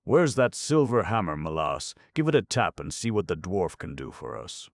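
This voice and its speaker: A man reading a storybook, voicing a stubborn, gruff male royal ox that blusters and refuses to budge. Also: sits low, sing-song, normal speed, no room sound, studio quality, voice pushed up.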